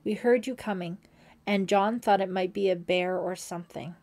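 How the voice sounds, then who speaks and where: A woman's voice: medium pitch, moderate pace, darkish tone, lightly acted. A woman voicing a tearful fifteen-year-old girl camper in an audiobook, emotional and pleading.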